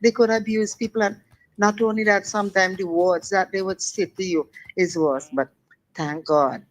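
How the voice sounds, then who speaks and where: An older woman calling in to a radio talk show, giving forceful, preachy advice over the phone. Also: medium pitch, steady tone, moderate pace, poor audio. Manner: forceful, preachy advice with local dialect grammar. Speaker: caller.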